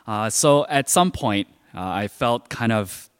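A man's voice: on the low side, animated, slow pace, clean tone. A man preaching a sermon in a conversational storytelling way, with many filler words. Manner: conversational, heavy use of filler "like". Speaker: pastor. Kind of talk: sermon told as a personal story. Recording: long hall reverb.

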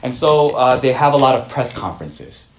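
A man's voice: medium pitch, lively intonation, normal speed, roomy sound, noisy background. A man giving a conversational sermon, full of fillers and restarts, telling a story before turning to scripture. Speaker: pastor.

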